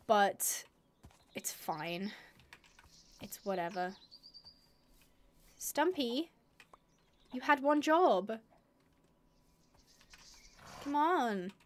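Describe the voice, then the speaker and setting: A woman's voice: fairly high pitch, a bit bright. A woman streaming a game live, chatting and mocking herself as she talks to her animals. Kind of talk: live gameplay commentary.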